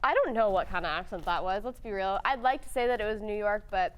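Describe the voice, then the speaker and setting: A woman's voice: mid-range voice, lively intonation, fast, smooth, lo-fi sound. A young woman co-hosting a student talk show, upbeat and playful. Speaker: co-host and actress. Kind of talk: casual interview chat.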